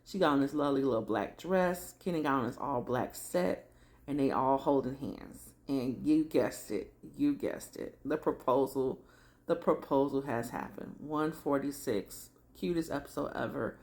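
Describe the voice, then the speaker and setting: A woman's voice: rumbling low, moderate pace, a little mellow. A woman chatting through a casual, slangy recap of a TV drama episode. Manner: chatty slangy storytelling, acts out characters.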